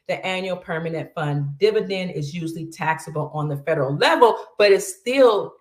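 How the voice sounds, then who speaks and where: A woman's voice: on the low side, roomy sound. A middle-aged woman hosting casual news commentary, chatty, addressing her viewers as family and reading lists aloud. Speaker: host.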